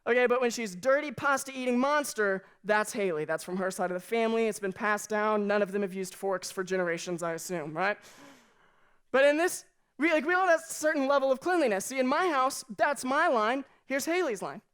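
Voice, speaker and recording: A young adult man and youth pastor preaching a humorous youth sermon, telling animated stories and acting out the voices of the people in them. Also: high-pitched, fairly quick, clear, resonant tone. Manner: animated storytelling, acts out quoted voices.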